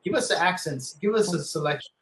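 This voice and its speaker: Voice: mid-range voice, quick pace, fairly bright tone, reverberant. A podcast host in a casual interview who keeps prompting the guest with questions and asks for demonstrations.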